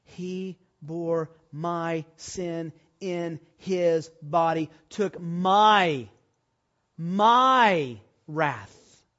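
A man preaching a sermon, telling a personal story and rising to loud, emphatic preaching. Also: on the high side, extremely slow, dull audio. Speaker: pastor.

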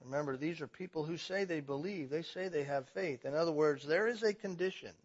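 A man preaching a sermon as pastor, emphatic, building to loud passionate stretches. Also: a little high, a little fast, slightly rough, highs cut off.

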